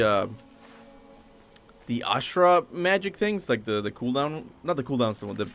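Young guy streaming a game, super lively pitch, hyped and cussing, chatting w chat. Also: normal speed, pauses often, soft background music. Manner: excitable, swears freely, talks to chat. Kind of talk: casual livestream gameplay commentary.

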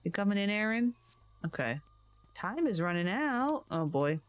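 A woman giving casual commentary while playing a life-sim game, chatty and quick to laugh and gasp at what happens. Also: mid-range voice, very animated. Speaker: gaming video creator.

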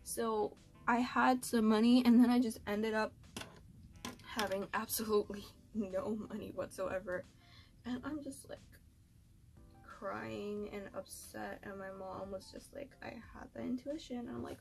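A young woman vlogging in a loose storytime ramble, slangy and peppered with swearing. Her mid-pitched voice has a gravelly fry, and soft music plays faintly underneath. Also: fairly even intonation, unhurried. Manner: slangy, swears, many likes. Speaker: beauty vlogger. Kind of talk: casual storytime chat.

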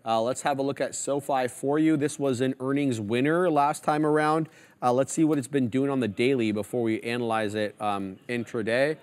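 A man's voice: medium pitch, steady tone, normal speed, a little mellow. A man hosting a live trading show, giving casual, chatty market commentary as he walks through stock charts. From Canada.

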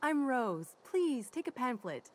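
A woman's voice: sits high, very animated, slow, a little mellow, slight background noise, full character voice. An actress playing a cheerful, folksy woman who recruits for a commune in a video game, chatty and eager to please. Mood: friendly.

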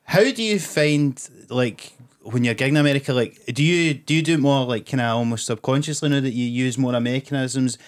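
Glaswegian podcast host, chatty. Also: male voice, mid-range voice, fairly quick. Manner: chatty, swears, asks rambling questions. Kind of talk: casual podcast chat.

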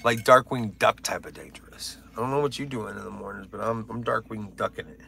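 Gravelly, bright-voiced man riffing on a live stream. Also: on the low side, brisk. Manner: rambling, profane, joking with viewers. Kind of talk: casual live-stream chat.

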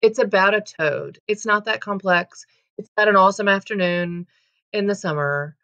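A woman's voice: mid-range voice, moderate pace, a bit bright, muffled recording. A woman teaching a casual poetry lesson, talking in a chatty, filler-heavy way and correcting herself as she goes.

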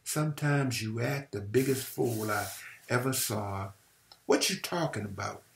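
A man's voice: mid-range voice, a little slow, creaky, a little hiss or hum. A man reading the part of a weary mother who scolds her son bitterly. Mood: bitter scolding. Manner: pleading, then bitter and scolding. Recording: roomy echo.

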